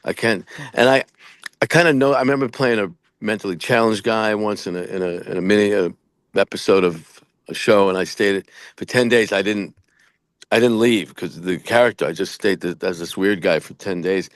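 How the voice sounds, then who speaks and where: Low-voiced frank rambling man. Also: normal speed, no room sound, studio quality. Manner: rambling, restarts often, frank storyteller. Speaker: actor and podcast co-host. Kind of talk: casual chat.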